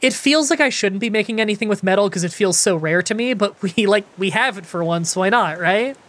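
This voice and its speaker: A woman's voice: mid-range voice, expressive, a little fast, fairly bright tone. A woman hosting casual multiplayer gameplay commentary from her home studio, chatty and prone to rambling anecdotes with casual swearing. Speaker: gaming channel host.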